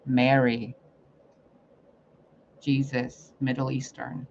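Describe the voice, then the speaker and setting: A man's voice: a little high, steady tone, moderate pace. A man delivering a profane, confrontational spiritual rant as a psychic reader. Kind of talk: ranting spiritual monologue. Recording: muffled lo-fi recording, faint noise.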